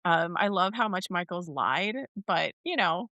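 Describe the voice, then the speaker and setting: A woman co-hosts a podcast in casual chat. Her voice is bright and forceful, and she acts out what others said in put-on voices. The sound is dry and close to the microphone. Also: on the low side, animated, measured pace, dry recording, muffled recording. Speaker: podcast co-host. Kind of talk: casual chat recapping a soap opera.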